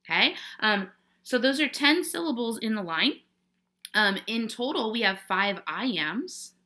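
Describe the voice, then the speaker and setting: A woman's voice: fairly high pitch, big pitch swings, a little slow, sharp tone. A woman teacher walking a class through a poetry worksheet, patiently checking understanding with frequent "okay?"s. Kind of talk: classroom lesson walkthrough.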